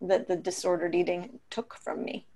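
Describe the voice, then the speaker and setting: A woman's voice: on the low side, level tone, normal speed, dark tone. A woman guest on a podcast, a coach speaking earnestly and reflectively in casual chat, laughing easily.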